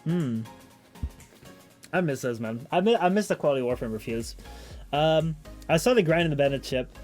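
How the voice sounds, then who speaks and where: A man's voice: on the high side, animated, normal speed, darkish tone, soft background music. A man streaming, chatting casually and rambling with many fillers and restarts. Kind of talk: casual chat.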